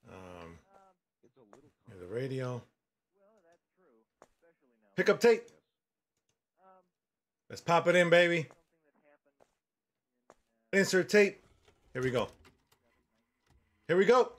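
Here the man's voice sits on the high side, very animated yet extremely slow, with long pauses between lines. The gaming streamer, in his forties, keeps his commentary loose and jokey, loud and profane, talking directly to the characters on screen.

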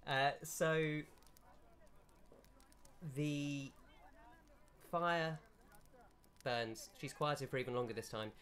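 A man narrating as game master of a tabletop game, in a measured, descriptive way. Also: medium pitch, fairly bright tone.

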